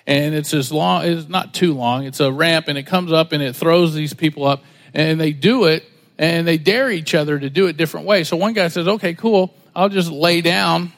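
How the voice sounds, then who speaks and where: A man's voice: a little high, normal speed. A man pastor preaching a sermon in a casual, storytelling way, acting out the voices of people he quotes. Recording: long hall reverb.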